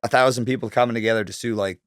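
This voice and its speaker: A man from Northern Canada, guesting on a podcast, tells a story in a medium-pitched voice with fairly even intonation at a racing pace. He's laid-back, swears heavily, and leans on fillers like "like"; the recording is dry and studio quality.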